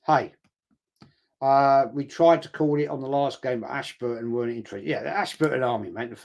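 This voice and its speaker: A man's voice: mid-range voice, moderate pace, gravelly, a little mellow. An older man, hosting a football watch-along and telling blunt, sweary, confrontational stories in casual chat. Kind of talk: casual live-stream chat.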